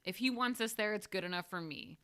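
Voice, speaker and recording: A woman's voice: mid-range voice, a little fast, fairly bright tone, clear, resonant tone. A woman co-hosting a podcast, chatting casually and animatedly as she recaps an episode, often laughing and acting out characters' lines. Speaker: podcast co-host.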